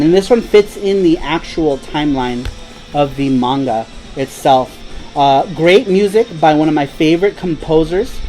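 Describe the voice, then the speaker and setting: A man's voice: a little high, a little mellow, rough recording. A man hosting a casual live stream, chatting in a rambling, laid-back way and laughing easily. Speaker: host.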